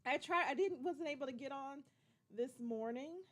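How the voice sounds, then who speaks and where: A woman in her forties hosts a casual livestream, her voice pitched high. She chats loosely and playfully, drawls her y'alls and calls out to viewers by name with excitement. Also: moderate pace. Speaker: livestream host.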